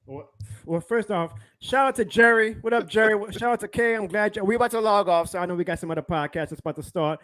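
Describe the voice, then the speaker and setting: A man hosts a live sports stream, his voice high and bright. He rants hard, swears freely and breaks into laughs between points. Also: fast talker. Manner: fired-up ranting, profane, laughs often. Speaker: podcast host.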